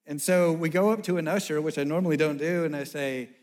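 A man telling a personal story in a sermon, animated and acting out the people he met. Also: on the high side, quick pace.

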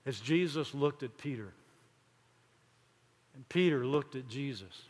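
An older man preaching a sermon, emphatic, building lists of words with dramatic pauses. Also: mid-range voice, animated, a little mellow, in a large hall. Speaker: pastor.

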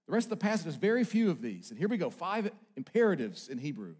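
A man preaching a sermon as pastor, with emphatic delivery that swings between loud urgent peaks and quiet low asides, building repeated short phrases. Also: big pitch swings, quick pace, few pauses, breathy edge.

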